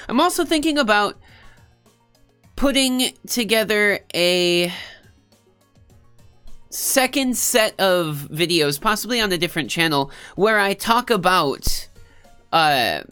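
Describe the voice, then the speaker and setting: A woman's voice: deep voice, fairly bright tone, smooth. A woman streamer with a stuffed-up nose, chatting casually and rambling with her live viewers, often cutting herself off and joking. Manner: rambling, self-interrupting, joking.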